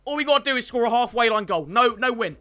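A young man talks through his gameplay late at night, worn out yet easily fired up. His voice sits high and sharp, and he stumbles over restarts before bursting into shouts. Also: lively intonation, quick pace, faint music behind. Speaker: gaming YouTuber. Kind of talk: excited gameplay commentary.

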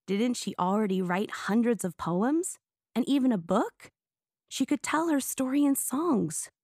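Woman reading an audiobook, clear storytelling, dry close mic. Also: mid-range voice, a little mellow, no room sound. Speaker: audiobook narrator. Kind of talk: scripted narration.

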